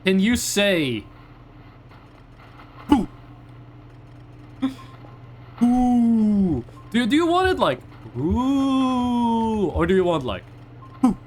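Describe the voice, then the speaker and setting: Lively chatty young man streaming. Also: sits high, takes it slowly, long pauses, slight background noise. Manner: rambling, chatty, reacting to chat with frequent restarts. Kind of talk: casual live-stream chat.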